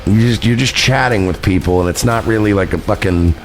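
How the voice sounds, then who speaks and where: A man's voice: fairly low pitch, brisk, faint music behind. A man telling a rambling, profane story on his livestream, laughing at himself. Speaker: streamer recounting a party. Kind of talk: casual livestream chat.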